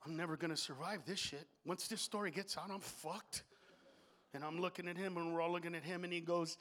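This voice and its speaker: A stand-up comic works the stage with a handheld mic, cursing freely and alternating between shouting and quiet, confiding moments. His intonation is fairly even and his pace a little fast.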